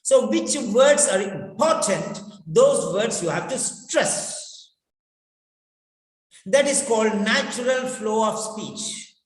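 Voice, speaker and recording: A spoken English teacher giving a classroom lecture, repeating key phrases slowly and speaking directly to students. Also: medium pitch, expressive. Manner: instructive, addresses students directly. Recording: echoey hall with long reverb.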